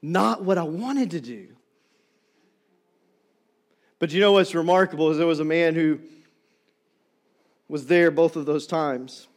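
Male pastor, middle-aged, fairly high voice; storytelling sermon delivery, dynamic, drops to quiet for emphasis. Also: normal speed. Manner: storytelling, swings from loud emphatic to soft and quiet. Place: church sanctuary.

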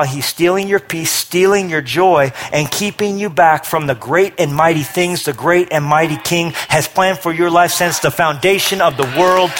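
Male pastor, middle-aged, sermon delivery, energetic and emphatic, voice a touch high. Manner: energetic, rising to forceful emphasis with quick asides.

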